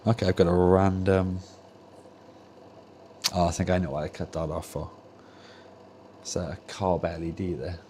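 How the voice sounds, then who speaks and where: With a low, slightly mellow voice and little pitch movement, a young Welsh man speaks at a measured pace, pausing often, in a Welsh accent over a faint hiss or hum. He's on a livestream from his home workshop, casually rambling while he repairs game controllers at a soldering bench.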